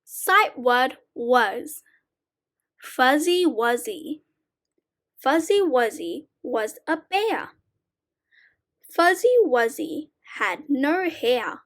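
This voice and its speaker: High-pitched lady reading kids poems super slow, singsongy teacher voice. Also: lively intonation. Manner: slow, deliberate, sing-song reading. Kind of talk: slow read-aloud of children's poems.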